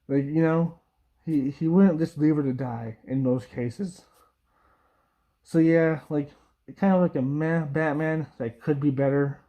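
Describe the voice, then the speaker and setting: A man's voice: fairly high pitch, steady tone, measured pace, dark tone. A young man giving a casual, rambling review, with lots of fillers and little laughs. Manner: rambling, frequent fillers, laughs, mock quoting voices. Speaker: video reviewer.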